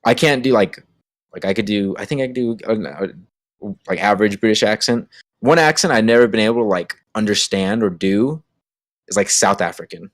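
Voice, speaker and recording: A man with a lowish voice chats loosely on a podcast, circling through his thoughts with plenty of "like" and "you know." The sound is dry and close, with no room echo. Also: fairly quick. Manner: rambling, with many fillers and restarts. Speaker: podcast co-host. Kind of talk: casual chat.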